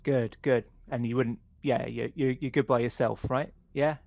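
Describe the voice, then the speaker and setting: A man's voice: medium pitch, fairly even intonation, moderate pace, gravelly, a little mellow, no room sound, natural voice. A man voicing Fitz, a caring male crewmate in a sci-fi tabletop game, who checks on others in a friendly way, says "mate" and repeats himself. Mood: concerned.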